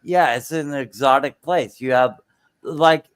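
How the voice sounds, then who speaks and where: A man's voice: mid-range voice, unhurried, clean tone. A man in casual podcast chat, telling a rambling anecdote full of fillers and restarts.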